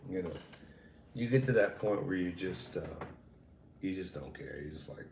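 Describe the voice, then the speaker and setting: A man hosting a livestream in casual chat, laid-back and quick to laugh. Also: low-pitched, expressive, reverberant, background noise. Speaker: livestream host.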